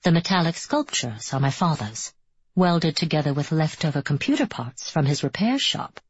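Gentle young son, light and even in tone, low and husky, on a dull, dry recording, read by a woman. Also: moderate pace, no echo. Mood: light, calm. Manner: light, even tone over hidden sadness. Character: gentle young man, quietly devoted son.

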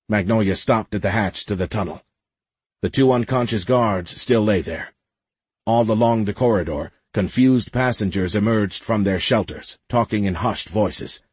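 A man narrating an audiobook in a steady, dramatic storytelling way with a husky voice. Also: fairly low pitch, moderate pace, dry recording. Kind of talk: scripted narration.

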